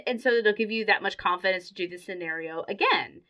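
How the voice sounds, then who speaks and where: A woman co-hosting a podcast, talking in a measured, reflective, conversational way. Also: medium pitch, sharp tone. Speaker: podcast co-host. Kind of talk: casual podcast chat.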